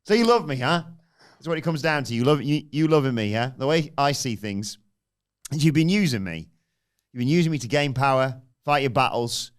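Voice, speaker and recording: A man puts on a fired-up, defiant wrestler, his delivery punchy and confrontational, his pitch leaping around. He presses his words hard, like a wrestling promo. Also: natural voice. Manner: confrontational, punchy, rising to a shout. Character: a fired-up, defiant male wrestler challenging a rival.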